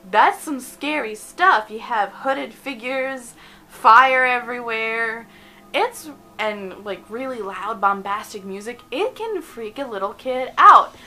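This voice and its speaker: A young woman in her twenties hosting a casual countdown vlog, chatty and animated, often giggling between points. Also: on the high side, slow pace, faint music behind, rough recording. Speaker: video host.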